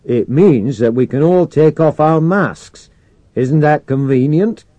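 A man's voice: on the low side, big pitch swings, unhurried, dark tone, no room sound, lo-fi sound. A man putting on a wry, cautious astronaut officer. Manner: dry, wry, matter-of-fact.

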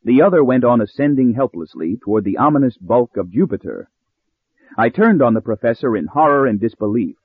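A man narrating a story in an audiobook style with steady, expressive reading, recorded with narrow phone-like sound. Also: mid-range voice, brisk, breathy edge, no echo.

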